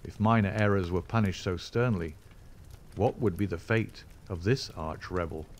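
Male narrator for a classic novel audiobook; lowish pitch, even and measured. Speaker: audiobook reader.

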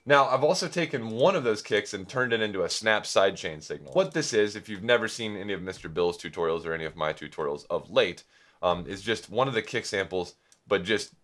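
A man's voice: lowish voice, animated, fairly quick, a bit bright. A young man hosting a casual music production tutorial, rambling and joking about himself with plenty of ums. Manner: rambling, self-joking, many filler ums. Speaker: music producer and video host.

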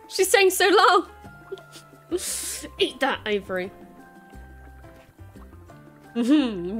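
A young woman giving excitable let's-play commentary, squealing, panicking and repeating herself as she plays. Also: sits high, very slow, long pauses, faint music behind. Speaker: gaming YouTuber.

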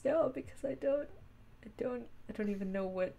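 A woman's voice: fairly high pitch, normal speed, creaky, warm tone. A woman voice actor chatting casually between takes, swearing and laughing easily. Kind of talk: casual chat while recording a fan dub.

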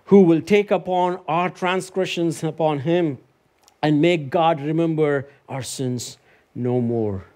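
A man delivers a sermon in a church, moving from relaxed storytelling into ringing, emphatic proclamation. His voice sits a little on the higher side. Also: takes it slowly. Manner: personal storytelling that builds to emphatic high-pitched preaching. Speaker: preacher. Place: church sanctuary.

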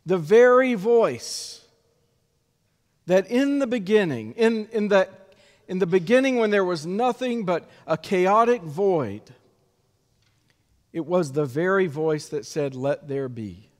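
A male pastor delivering an Easter sermon in a slow, measured way with dramatic pauses, in a church sanctuary. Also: sits high, animated. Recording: long reverb of a church sanctuary.

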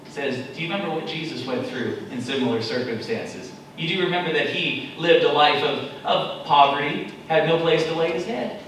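A man's voice: fairly high pitch, a little fast, fairly bright tone, slight background noise. A male pastor preaching a sermon, acting out prayers in a raised, pleading voice. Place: church sanctuary. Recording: echoey church hall, mic at a distance.

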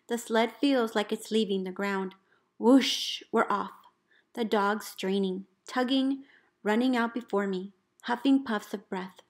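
A woman, a teacher, reading a picture book aloud in an expressive storybook voice, calling out the commands with gusto. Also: mid-range voice. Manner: expressive, calls out dog commands loudly.

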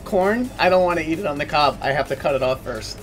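A man's voice: a little high, animated, fast talker, loud music behind the voice. A man co-hosting a casual live-stream chat, rambling and stammering through restarts.

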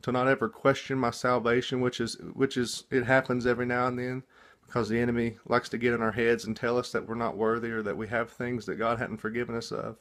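A man shares a dream in a relaxed, unscripted way, still freshly awake. He talks at a medium pitch and keeps restarting his sentences, repeating small words as he searches for what to say. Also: fast. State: just woken up. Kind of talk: casual spoken testimony.

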